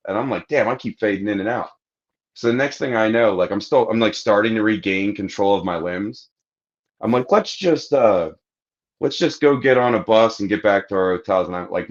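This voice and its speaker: Low-voiced man telling a crude story. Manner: crude, rambling anecdote with acted-out quotes. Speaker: podcast host. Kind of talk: casual storytelling chat. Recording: dull lo-fi podcast audio.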